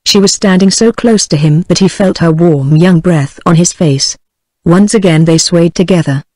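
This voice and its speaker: A text-to-speech voice of a woman with a British English accent, reading a novel aloud with an even, synthetic cadence. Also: on the low side, moderate pace, no echo. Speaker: audiobook narrator.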